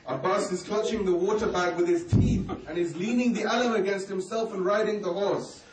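A man's voice: high-pitched, fairly quick. A man preaching a mourning sermon, telling a story with emotion and grief. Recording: echoey hall, distant mic, faint ambience.

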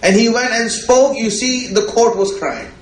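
A man's voice: very high-pitched, a little slow, a crowd in the background. A man preaching a religious sermon, repeating himself and asking "right?" as he goes. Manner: repetitive, rhetorical, often asks "right?". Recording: echoey room.

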